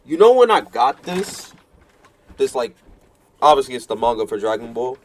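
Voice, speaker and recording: A man's voice: mid-range voice, sing-song, normal speed, a little hiss or hum. A man in his late twenties streaming, telling a rambling, swear-filled story that often mocks himself and repeats lines in exasperation. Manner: rambling, profane, self-mocking storytelling. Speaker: fighting game streamer. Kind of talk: casual live-stream chat.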